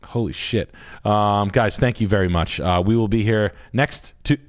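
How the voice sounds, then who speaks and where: A man hosting a live stream as a realtor, explaining practical jobs in a rapid, profane, casual way. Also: fairly low pitch.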